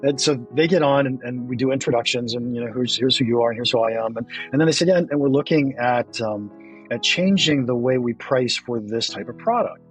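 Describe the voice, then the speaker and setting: A man hosting a podcast in a casual interview chat, self-deprecating and quick to laugh, often repeating words when he gets excited. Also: medium pitch, soft background music. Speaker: podcast host.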